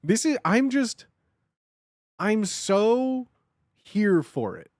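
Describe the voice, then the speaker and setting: Hyped streamer dude reacting to videos, high bouncy voice, dry close sound. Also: male voice, drawn-out words, no echo. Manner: excitable, slangy, repeats himself. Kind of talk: casual reaction commentary.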